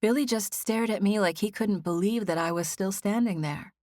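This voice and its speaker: A woman narrating a novel as an audiobook in a gentle, even first-person storytelling style. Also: mid-range voice, normal speed, dry recording, studio quality.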